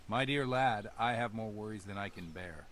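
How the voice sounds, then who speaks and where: An actor playing a worried, stern village priest in a video game, speaking in an earnest, preachy way. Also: male voice, fairly low pitch, normal speed, fairly bright tone, slight background noise, close to an everyday voice. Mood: grave. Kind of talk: game character dialogue.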